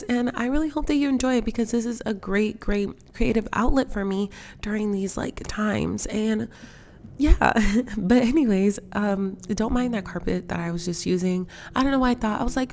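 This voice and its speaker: A woman's voice: medium pitch, normal speed, vocal fry, a little mellow. A woman in her twenties talking casually over game footage, self-conscious and filler-heavy, a little emotional. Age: 20s. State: emotional, near tears. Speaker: Sims gaming vlogger.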